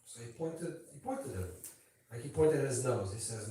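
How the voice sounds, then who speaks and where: A man's voice: mid-range voice, expressive, fairly quick, darkish tone, slight background noise. A man, a rabbi, giving an informal teaching talk to a gathering. He talks conversationally, keeps checking that listeners follow, and adds playful asides to the audience. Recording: very echoey room, voice from a distance.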